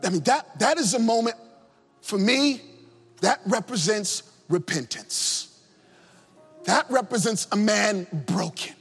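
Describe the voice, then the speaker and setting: A man's voice: high-pitched, animated, slow, pauses often, husky. A man preaching a sermon with passion, repeating his phrases and swinging his emphasis up and down. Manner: impassioned, repetitive, rising and falling emphasis. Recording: long hall reverb with faint music.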